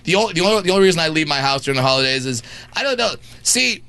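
Animated man telling comic stories. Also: a little high, racing, gravelly. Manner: animated, jumps into voices of the people in his stories. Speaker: guest storyteller. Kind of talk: comic anecdote on a talk show.

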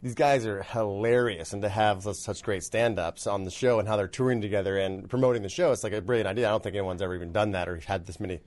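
Low-voiced male talk show host. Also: steady tone, fast talker, hardly any pauses, a little mellow, no room sound. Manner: friendly, promotional plugs, fillers. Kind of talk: casual interview.

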